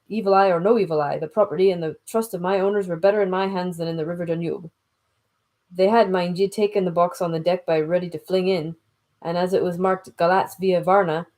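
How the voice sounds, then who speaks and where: A woman reading aloud and voicing a gruff middle-aged male sea captain with a Scottish accent, rambling in thick dialect. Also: on the low side, a little mellow, natural voice. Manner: folksy, rambling dialect storytelling. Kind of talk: audiobook reading.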